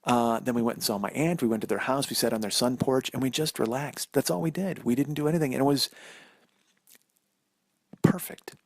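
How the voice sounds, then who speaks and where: A man in his forties tells a long personal story on his own podcast. He rambles, swears freely and mocks himself, and his middle-pitched voice sounds dry and close, recorded on a phone. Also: fast, gravelly, few pauses, dry recording. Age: 40s. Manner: rambling, self-deprecating, profane. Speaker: podcast host. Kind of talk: solo storytelling monologue.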